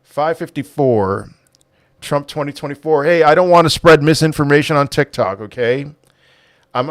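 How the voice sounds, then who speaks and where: A young man hosting a casual livestream, reading chat aloud and answering with dry sarcasm and halting restarts. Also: a little high, no room sound. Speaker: livestream host.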